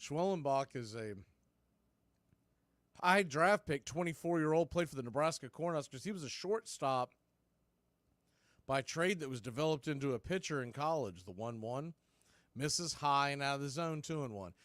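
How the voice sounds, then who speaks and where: A man doing radio play-by-play of a baseball game from a studio, calling pitches in a steady, conversational way with background asides. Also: moderate pace, pauses often, no echo. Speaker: play-by-play announcer.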